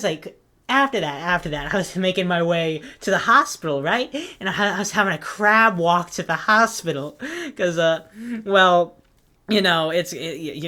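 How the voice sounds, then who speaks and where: A woman's voice: fairly low pitch, a bit bright. A woman voicing a rambling, unhinged male hot dog who stammers and keeps cutting himself off. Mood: offhand. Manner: rambling, stammering, self-interrupting. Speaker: voice actor auditioning. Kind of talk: casting call audition.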